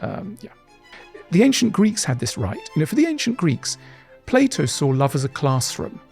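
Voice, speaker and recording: A middle-aged man answering interview questions in an animated way, acting out little voices as he explains. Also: a little high, moderate pace, vocal fry, faint music behind. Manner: animated, acts out voices in quotes. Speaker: guest author.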